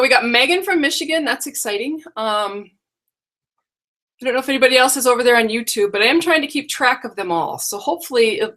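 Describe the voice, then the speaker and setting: A woman's voice: fairly high pitch, bright, forceful tone. A middle-aged woman hosting a live stream on her computer, talking in a chatty, rambling way and often correcting herself. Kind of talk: casual live-stream chat. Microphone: computer microphone.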